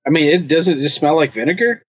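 A man co-hosting a podcast, hesitant and halting, restarting his sentences. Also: on the high side, lively intonation, low-quality recording. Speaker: podcast co-host. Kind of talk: casual chat.

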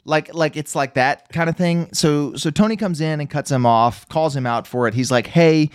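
A man's voice: a little high, normal speed, clear, resonant tone, dry recording, clean studio sound. Rambling sarcastic man recapping a movie. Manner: rambling, sarcastic storytelling with many fillers. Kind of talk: casual movie recap chat.

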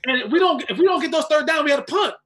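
A man telling football stories in casual chat, animated and often repeating words. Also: extremely high pitch, racing. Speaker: podcast host, former football player. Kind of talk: casual storytelling.

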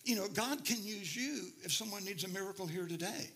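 Brief: male preacher, middle-aged, high, ringing voice, lively storytelling sermon. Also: a little fast. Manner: animated, laughing, rises to near-shouting in stories. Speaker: missionary preacher.

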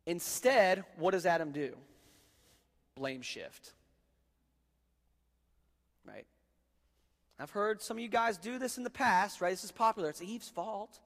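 A male pastor gives a sermon in a loose, joking, conversational way and addresses the crowd as guys. His voice is a little high for a man. The sound carries the long reverb of a large hall. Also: animated, measured pace, long pauses, a bit bright. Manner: casual and joking, talks to the crowd as guys, bro and dude.

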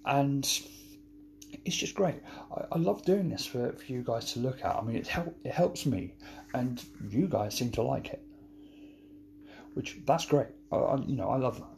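A man hosting a podcast, signing off in a rambling, halting way that keeps repeating words. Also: mid-range voice, animated, gravelly, a little mellow, a little hiss or hum. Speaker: podcast host. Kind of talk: casual podcast sign-off.

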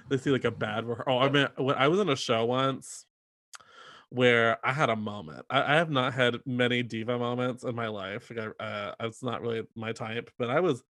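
A man hosting a casual chat, animated and laughing often, slipping into quoted voices. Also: medium pitch, normal speed, dry recording. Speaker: podcast host and theater performer.

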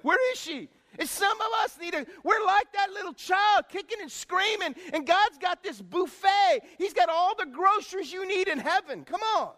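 High-voiced man preaching in a reverberant church. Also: lively intonation, moderate pace, hardly any pauses, bright, forceful tone. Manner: folksy, preachy, calls out to the congregation. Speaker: pastor. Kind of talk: sermon. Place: church sanctuary.

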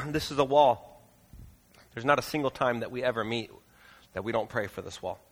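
A pastor preaching a sermon in a church auditorium, earnest and pleading, moving into prayer. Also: male voice, mid-range voice, expressive, normal speed, sharp tone, long reverb tail.

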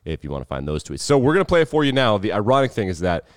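A man's voice: lowish voice, big pitch swings, racing, no room sound, studio quality. A man from the Rocky Mountain region hosting a sports podcast in chatty, sarcastic, emphatic casual talk. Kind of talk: casual solo podcast chat.

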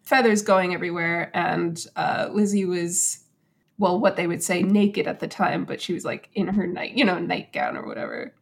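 A woman casually retelling a true story to a co-host, animated and acting out quotes in little voices. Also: on the low side, moderate pace, gravelly. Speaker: podcast host.

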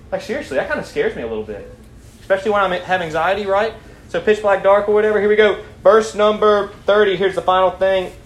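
A young man leading a Bible study, preaching animatedly, asking the group questions and reading scripture aloud. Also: sits high. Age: young adult. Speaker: student Bible study leader. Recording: echoey room, faint background noise.

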